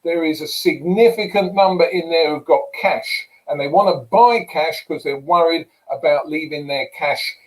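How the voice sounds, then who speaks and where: A middle-aged English man giving an energetic sales pitch for a property program, telling lively stories with punchy asides. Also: moderate pace, hardly any pauses, poor audio. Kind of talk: live sales presentation.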